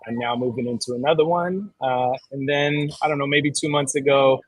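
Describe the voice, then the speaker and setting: A man's voice: medium pitch, fairly even intonation, a little fast, no room sound, poor audio. A man, vice chair of a board, recounts how he got involved in a laid-back, slangy storytelling manner. His voice sits in the middle range and is recorded dry. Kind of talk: casual interview answer.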